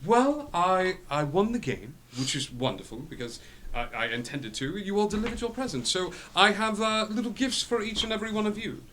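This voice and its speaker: Casting: smug, gloating Satan, grand and theatrical, raised bright voice, put on by a man. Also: sits high, sing-song, a little fast, slight background noise, pitched above the performer's own voice. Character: smug grand male Satan in red suit.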